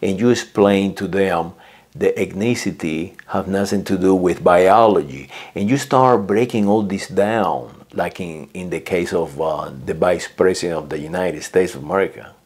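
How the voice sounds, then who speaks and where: Slow low-voiced man ranting. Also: a little mellow, husky. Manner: slow, hesitant, repeats words and says "uh" often; lectures with acted quotes. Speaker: vlogger. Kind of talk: political rant.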